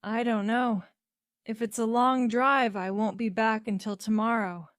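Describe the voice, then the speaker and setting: A cheerful young man giving short, brisk answers in a slow learner's storybook, read by a woman. His lines lift a little above the narration, and the sound is close and dry. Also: on the high side, steady tone, clear, resonant tone, dry recording, close to an everyday voice. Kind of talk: graded reader story narration.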